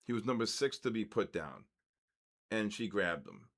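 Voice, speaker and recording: A man in his sixties hosting a live trading session, telling stories in a casual, animated way and tagging his sentences with quick checks to the audience. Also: lowish voice, gravelly. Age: 60s. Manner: animated, keeps tagging 'right?' and 'okay?'. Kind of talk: casual livestream storytelling.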